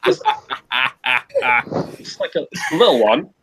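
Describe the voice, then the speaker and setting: A man's voice: a little high, huge pitch swings, slow pace, background noise. A man on a podcast telling a long, rambling story, swearing often and restarting his sentences. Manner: rambling, profane, frequent restarts. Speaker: podcast co-host. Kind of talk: casual storytelling.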